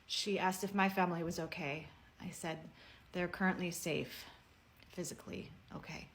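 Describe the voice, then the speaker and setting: A woman telling a personal story in a heartfelt message to camera, speaking earnestly and at a measured pace. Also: fairly low pitch, fairly even intonation, slight background noise.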